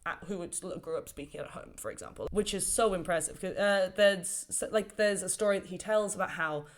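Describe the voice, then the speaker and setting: A woman's voice: mid-range voice, fairly quick. A woman hosting a casual solo podcast, talking in an enthusiastic, rambling way with lots of fillers and the odd swear word. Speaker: podcast host.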